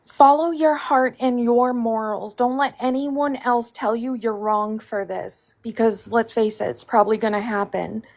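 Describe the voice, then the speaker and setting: A woman's voice: on the high side, steady tone, unhurried, few pauses, a little mellow. A woman guest on a livestream, enthusiastic and encouraging. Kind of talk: livestream chat.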